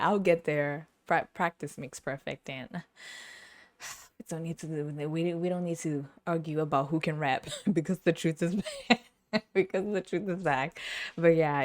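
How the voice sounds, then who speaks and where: A young woman talks straight to the camera in a relaxed, rambling monologue, with a voice that sits on the low side for a woman. She laughs a lot and slips into quick impressions of the people in her stories. The sound is close and dry, with almost no room around it. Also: no room sound. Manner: chatty and animated, laughs often, acts out other people's voices. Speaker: podcast host. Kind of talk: casual storytelling monologue. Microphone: camera on the speaker.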